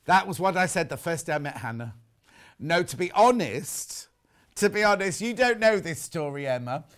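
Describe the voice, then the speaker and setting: A middle-aged man hosting a live shopping broadcast, chatting and teasing his colleagues as he shows off fabric. His voice sits a little high for a man and swings widely in pitch, giving his patter a lively, animated bounce. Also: normal speed. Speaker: shopping channel presenter. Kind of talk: live sales presentation with chat.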